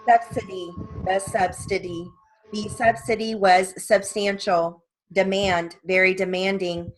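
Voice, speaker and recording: Woman reading slow, deliberate dictation. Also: mid-range voice, slight background noise, low-quality recording. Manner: reads word lists and sentences evenly, with short spoken asides. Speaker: dictation reader for steno practice.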